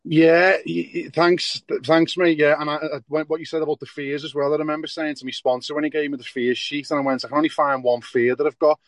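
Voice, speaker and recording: A man sharing his story at a recovery meeting over a video call, emotional and halting, often repeating words as he speaks. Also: on the high side, level tone, dry recording.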